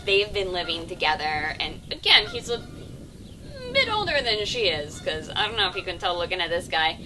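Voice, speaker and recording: A woman's voice: fairly low pitch, big pitch swings, normal speed, noisy background. A young woman guiding a casual outdoor sanctuary tour, talking loosely with lots of "um" and "like". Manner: chatty, full of fillers like "um" and "like". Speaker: animal sanctuary tour guide. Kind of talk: casual chat on a live virtual tour.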